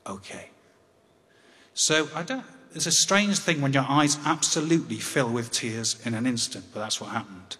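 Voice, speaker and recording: English guy in his 50s spinning a wry story live, mid pitch, long hall echo. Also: moderate pace, hardly any pauses, bright, forceful tone. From England. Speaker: touring storyteller on stage.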